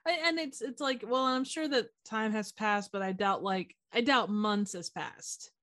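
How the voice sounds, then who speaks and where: A woman's voice: medium pitch, a little slow, a bit bright. A woman co-hosting a podcast, thinking aloud in casual chat with many fillers. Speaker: podcast co-host.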